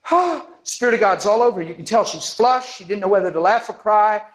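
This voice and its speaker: A man preaching a sermon, telling a story with lively energy and acting out the people in it. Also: sits high, a little fast, low-quality recording. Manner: animated, acts out the people in his stories.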